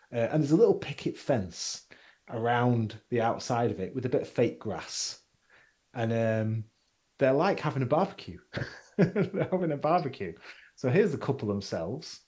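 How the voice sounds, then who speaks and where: Chatty game master, lively pitch. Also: male voice. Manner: chatty, descriptive, many fillers. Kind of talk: narrating a tabletop game.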